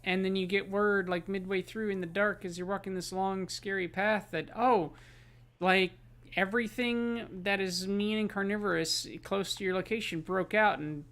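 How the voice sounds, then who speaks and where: Chatty streamer guy rambling over his game, kinda high voice, lil gravelly. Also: fairly even intonation, normal speed, a bit bright. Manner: rambling, chatty, many fillers. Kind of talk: casual game stream commentary.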